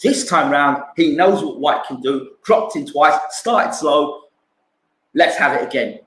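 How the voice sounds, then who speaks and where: Guy breaking down a boxing fight, mimics punches, kinda high voice, roomy echo. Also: a little slow, fairly bright tone. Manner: repeats himself, acts out punches with sound words. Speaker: boxing pundit streamer. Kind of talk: casual boxing analysis.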